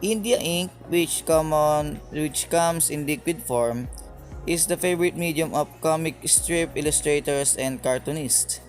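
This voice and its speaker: A man's voice: on the high side, faint music behind. A man reading a lesson presentation from a script, stumbling and restarting on words. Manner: reads slowly from a script with frequent slips and restarts. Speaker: student presenter. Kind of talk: read-aloud lesson presentation.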